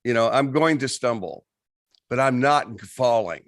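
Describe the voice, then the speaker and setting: A man talking through his ideas in a relaxed, reflective conversation. He stops and restarts often and doubles up his words as he searches for them. The sound is close and dry, with no room echo. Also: medium pitch. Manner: halting, many restarts and repeated words. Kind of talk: casual conversation.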